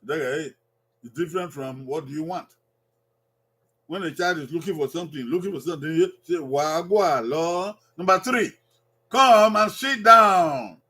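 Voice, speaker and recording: A man's voice: on the high side, normal speed, breathy edge. A man, teaching an Edo language lesson at an evening cultural gathering. He drills phrases and asks the learners to repeat them.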